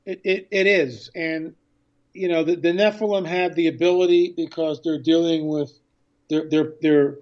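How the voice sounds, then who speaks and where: A man guesting on a radio interview as an author and filmmaker, telling a story with excitement and acting out past conversations. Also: on the high side, moderate pace, muffled recording.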